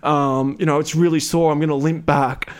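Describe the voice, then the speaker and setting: A man's voice: fairly high pitch, little pitch movement, normal speed, clean tone. An Australian man in his thirties, a podcast host telling a rambling, casual story with lots of fillers and laughter.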